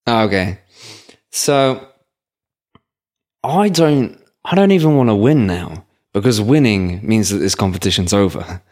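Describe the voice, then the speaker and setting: A man's voice: fairly low pitch, animated, measured pace, a little mellow. A man co-hosting a podcast in casual chat, hesitant, with stammering restarts and lots of fillers. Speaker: podcast co-host.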